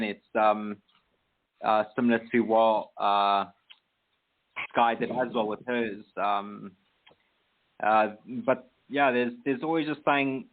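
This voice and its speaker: A British man hosting an online poetry radio show, chatting casually with many pauses and restarts. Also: mid-range voice. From Britain. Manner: hesitant, many ums and restarts. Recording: tinny phone-like line.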